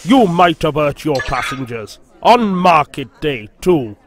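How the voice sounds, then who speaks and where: A man's voice: fairly high pitch, very animated, slow, fairly bright tone, a little hiss or hum, heavily acted. A man voicing a stern old male engine in a storybook, firm and scolding.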